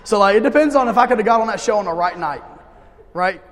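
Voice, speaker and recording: A man's voice: sits high, animated, fast. Man preaching in a reverberant gym. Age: 30s. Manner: conversational, swings between loud emphasis and hushed pleading. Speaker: pastor. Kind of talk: sermon. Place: church service held in a gym.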